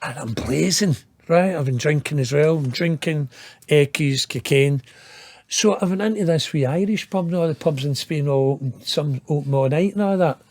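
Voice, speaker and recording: A Scottish man in his fifties spins a long, rambling tale as an interview guest, swearing freely and mocking himself. His voice sits on the higher side for a man. The sound is close and dry. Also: moderate pace, darkish tone, dry recording. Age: 50s. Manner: rambling, profane, laughs at his own tale, self-mocking. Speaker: interview guest telling a story. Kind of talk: casual storytelling in an interview.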